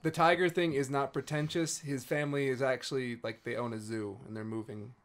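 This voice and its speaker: A man's voice: mid-range voice, steady tone, a little fast. A man co-hosting a casual movie podcast, enthusing about actors and swearing casually. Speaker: podcast co-host.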